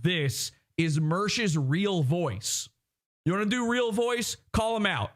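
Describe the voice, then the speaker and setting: A man's voice: sits high, animated, slow pace. Emphatic ranting man podcast host. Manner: emphatic, mocking, lecturing. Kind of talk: ranting livestream commentary. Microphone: broadcast microphone with headphones.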